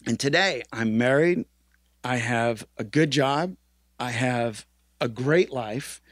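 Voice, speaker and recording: Man, memorial tribute speech, earnest halting storytelling, acts out dialogue, dry close sound. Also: medium pitch, lively intonation, no room sound. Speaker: eulogist at a memorial.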